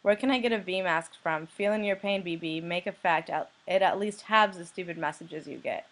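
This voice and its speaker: A young woman from the United States, a blogger who reads anonymous messages aloud in a flat, deadpan way. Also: on the low side, moderate pace. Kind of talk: reading messages aloud to camera.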